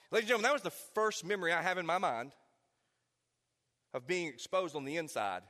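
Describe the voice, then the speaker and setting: A man preaches from the pulpit with a high, bright, forward voice. He tells his story warmly and then drops to an intimate near-whisper to land each point, and his words carry a long reverb from a large hall. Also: lively intonation, fairly quick, pauses often. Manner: storytelling, drops to a quiet intimate hush for emphasis. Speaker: pastor. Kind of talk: sermon.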